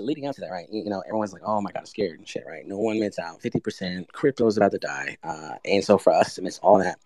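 A man's voice: low-pitched, no echo. A man, the founder of a project and a podcast guest, telling his story in a brash, profane and emphatic way. He often restarts with fillers and fires off rhetorical questions. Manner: frequent fillers and self-corrections.

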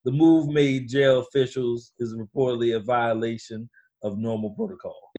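A man co-hosting a podcast, reading news items and chatting in a laid-back, low-key way. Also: steady tone, normal speed, warm tone. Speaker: podcast co-host. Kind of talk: casual chat, reading news aloud.

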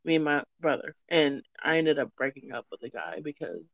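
A woman's voice: low-pitched, animated, fairly quick, vocal fry, no echo. A woman telling a long story in a rambling, chatty way during a casual podcast chat. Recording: dull lo-fi recording.

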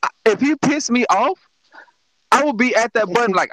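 A man's voice: extremely high pitch, normal speed, pauses often, no echo, low-quality recording. A man co-hosting a casual podcast chat, telling jokey stories with lots of laughter. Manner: joking, animated storytelling. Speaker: podcast co-host.

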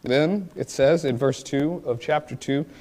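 A male preacher giving a sermon, rising to pleading cries and then dropping to quiet, reflective asides. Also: a little high, unhurried.

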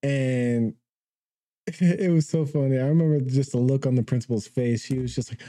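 A young man with a very dark, mellow voice tells a rambling story on a podcast, now and then laughing at his own tale. The sound is dry and close, with no room around it. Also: medium pitch, moderate pace, dry recording. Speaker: podcast co-host. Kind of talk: casual storytelling.

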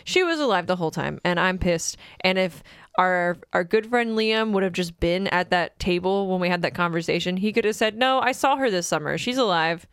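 A woman's voice: lowish voice, normal speed, clear, resonant tone, no room sound, clean studio sound. A young woman co-hosting a casual podcast, telling a story with lots of laughter and acted-out quotes. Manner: chatty storyteller, laughs often, acts out quotes. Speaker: podcast co-host. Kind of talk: casual chat.

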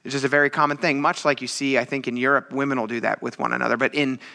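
A man's voice: medium pitch, steady tone, rapid-fire, vocal fry, sharp tone. A man preaching a casual sermon in a chatty, teasing, self-mocking way. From military veteran. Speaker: pastor.

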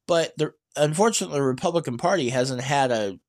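A man's voice: mid-range voice, quick pace. A man talking casually about electric cars in an opinionated, rambling way, with many fillers and restarts and emphatic outbursts. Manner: animated, emphatic rants. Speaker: EV news vlogger.

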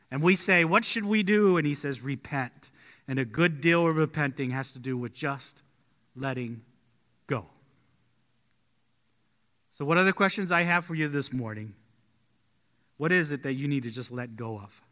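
A man preaching a sermon as pastor, telling stories and dropping his voice low and slow to stress key points. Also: long reverb tail. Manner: storytelling, drops quiet and slow on key points. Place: church sanctuary.

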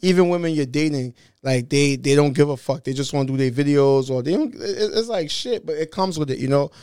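Animated man telling stories, swearing freely. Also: a little high, brisk, clear, resonant tone, no room sound, studio quality. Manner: animated storyteller, swears freely, acts out quotes. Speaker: interview guest. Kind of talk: casual podcast chat.

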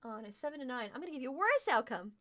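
A woman narrating a tabletop role-play as game master, bubbly and prone to laughing mid-sentence. Her voice sits a bit high, and she keeps the scene moving. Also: big pitch swings, very fast, a bit bright, a little hiss or hum. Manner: playful, laughs often.

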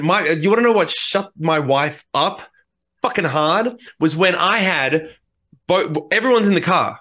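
A man on a podcast telling stories in casual chat, swearing freely and acting out what people said. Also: a little high. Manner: animated storyteller, swears freely, acts out quotes. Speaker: podcast co-host.

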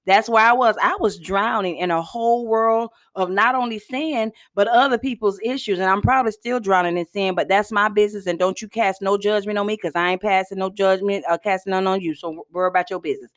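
A woman hosting a casual motivational talk in a folksy, chatty way, often clearing her throat and coughing. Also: mid-range voice, steady tone, fairly quick, few pauses. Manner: chatty, folksy, addresses listeners as y'all. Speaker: host.

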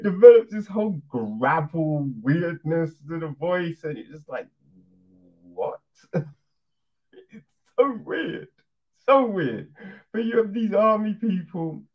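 A man casually reviewing a film on his channel, laughing, swearing and throwing in lots of rhetorical asides. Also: high-pitched. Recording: dull lo-fi recording.

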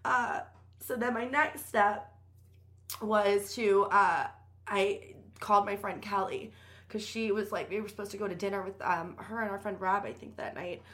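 A woman's voice: mid-range voice, fairly even intonation, moderate pace, fairly bright tone. A young woman on a podcast, telling a personal story candidly in casual chat, with lots of fillers and cursing. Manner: candid, profane, many fillers. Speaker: podcast guest.

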